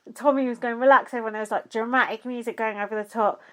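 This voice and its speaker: A woman co-hosting a casual chat, retelling events in an animated way with plenty of "like" and swearing. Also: on the high side, fast talker. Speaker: podcast co-host recapping a reality show.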